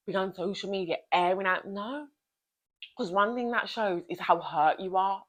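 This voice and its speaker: A woman's voice: fairly low pitch, fairly bright tone. A woman giving a blunt, emphatic motivational talk to her viewers as a self-help vlogger. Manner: emphatic and blunt, with pep-talk asides to the listener.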